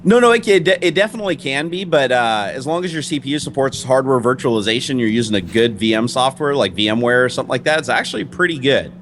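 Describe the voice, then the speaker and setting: A man co-hosting a casual tech livestream, joking around and explaining hardware in quick bursts. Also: medium pitch, animated, fairly bright tone, slight background noise. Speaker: co-host.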